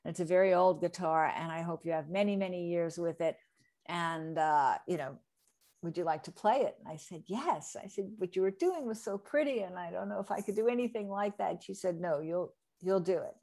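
A woman from New Jersey, a re-recording mixer appearing as an interview guest, tells stories in a brisk, lowish voice. She's a lively anecdote teller who acts out the people she quotes, all in a casual storytelling interview.

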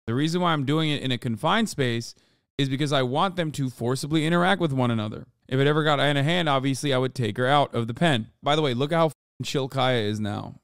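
Profane, ranting man streamer, clear voice. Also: mid-range voice, brisk, no room sound, studio quality. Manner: profane, animated, ranting at chat. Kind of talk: casual live-stream commentary. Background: dogs barking.

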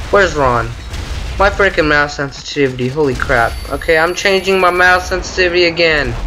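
Teen boy gaming commentator, bright tone, chatty trash talk, home desk mic with faint noise. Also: fairly high pitch. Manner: chatty, trash-talking, frequent mild exclamations. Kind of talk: casual gameplay commentary. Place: bedroom at home.

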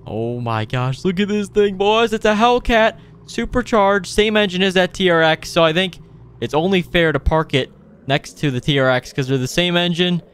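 An excitable man talks his viewers through a video game in casual, off-the-cuff commentary. His voice sits a touch high and sounds smooth and clear. He exclaims often and chats to the audience like friends. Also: normal speed. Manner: excitable, frequent exclamations, addresses viewers as boys. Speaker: gaming video host.

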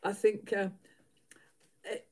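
Middle-aged lady chatting to her livestream viewers while sewing, chatty and giggly. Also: slow. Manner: chatty, warm-hearted, laughs often. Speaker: livestream host. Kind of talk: casual chat with live viewers while sewing.

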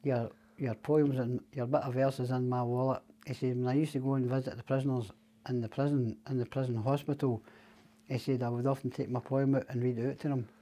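A Scottish man spins a long, rambling story in a casual chat, swearing freely as he goes. His voice sits at an ordinary middle pitch. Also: level tone, brisk, mellow. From Scotland. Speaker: podcast guest.

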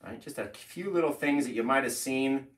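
A man's voice: mid-range voice, normal speed. A man teaching a live painting tutorial from his home studio, easygoing and playful, often laughing. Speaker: painting instructor. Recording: echoey room.

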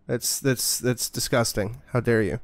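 With a steady, mid-range voice and measured pace, this streamer plays a horror game live. His commentary is profane and jokey, and he answers back to the game and to his chat.

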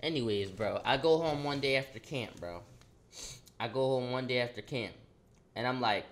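A man casually telling a story as a streamer, slangy and full of swearing, getting animated as he goes. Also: mid-range voice, moderate pace. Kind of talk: storytime vlog.

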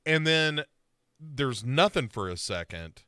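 A man's voice: mid-range voice, slow pace, clean tone, dry recording, clean studio sound. A man co-hosting a podcast, recapping a horror series in casual chat and acting out characters' lines. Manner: animated storyteller, acts out characters' lines. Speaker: podcast co-host.

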